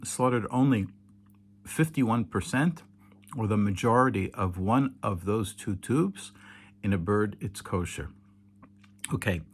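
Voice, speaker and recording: A tired man explains a hands-on demonstration late at night, patient and halting, with many fillers and self-corrections. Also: fairly low pitch, a little hiss or hum. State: tired, yawning. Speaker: teacher demonstrating kosher slaughter. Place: home indoors in Israel, at night.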